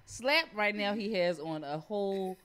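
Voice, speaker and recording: A woman's voice: medium pitch, expressive, unhurried, crowd noise. A woman co-hosting a podcast in a studio, teasing the others and cracking crude jokes for the listeners. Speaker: podcast co-host. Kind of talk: joking casual chat.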